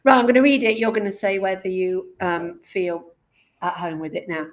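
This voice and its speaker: A woman's voice: medium pitch, fairly even intonation, normal speed. A woman English teacher giving a classroom lesson, chatty and jokey, quizzing her students as she goes.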